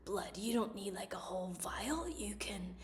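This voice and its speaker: A woman putting on a low, hushed founder's pitch voice. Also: lively intonation, slight background noise, natural voice. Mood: hushed persuasive. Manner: deliberately lowered, breathy, half-whispered voice.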